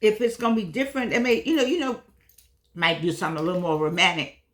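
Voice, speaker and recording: A woman's voice: on the low side, fast. An older woman hosting her own video talk, chatting casually and repeating herself, calling viewers pet names like darlings and sugar pies, a little frustrated today. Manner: warm-hearted, repetitive, pet names for viewers. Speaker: vlog host.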